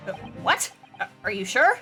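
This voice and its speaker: A woman voicing a dim young male sidekick with a deliberately dumb voice and dry sarcasm, over game music. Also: medium pitch, very animated, pushed and bright. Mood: dopey.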